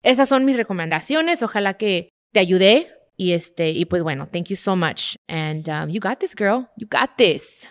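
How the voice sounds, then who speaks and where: A woman's voice: mid-range voice, animated, moderate pace, few pauses. A woman, hosting a casual advice chat and switching between English and Spanish. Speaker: host answering listener questions.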